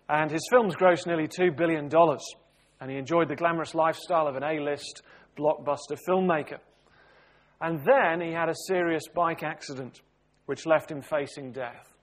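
A man leading a Bible study, praying and then reading scripture aloud in a measured, steady way. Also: fairly high pitch. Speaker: preacher.

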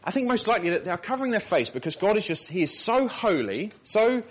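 A man's voice: high voice, big pitch swings, fast talker, husky. A man preaching a sermon, earnest and emphatic, often repeating words as he builds a point. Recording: dull lo-fi recording.

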